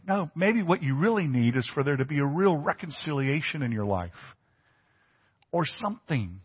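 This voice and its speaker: A man's voice: on the high side, big pitch swings, moderate pace, breathy edge. A man preaching a sermon in a conversational way, asking the congregation questions. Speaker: pastor. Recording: dull lo-fi church recording with long reverb.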